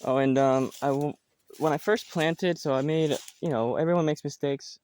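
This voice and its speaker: A man's voice: a little high, fairly even intonation, normal speed, a little mellow, clean tone. A man giving a casual outdoor tour of his farm, talking loosely with many fillers and restarts. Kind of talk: casual walking tour narration.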